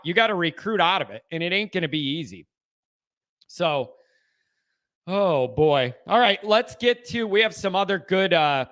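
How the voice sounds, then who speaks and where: A man hosting a casual call-in show, talking football with callers in an emphatic, folksy way. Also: sits high. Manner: animated, emphatic, folksy talk. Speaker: show host. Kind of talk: call-in sports chat.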